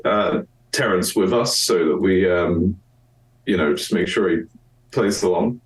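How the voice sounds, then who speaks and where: Man, lowish voice, hesitant player, distant mic, roomy echo. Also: a little slow. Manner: hesitant, many fillers. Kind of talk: casual tabletop game play.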